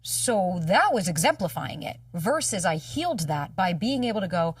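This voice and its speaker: A woman dating coach telling a personal story in candid conversation, animated and casually swearing as she acts out dialogue. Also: fairly low pitch, normal speed, hardly any pauses, husky, dry recording, distant mic. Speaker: dating coach and podcast guest.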